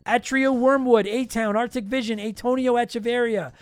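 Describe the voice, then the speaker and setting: In a very high-pitched voice that's smooth and steady in tone, yet tired and worn, a podcast host rattles through a long list of patron names. The recording is dry, and his delivery is joking, self-deprecating, and rapid.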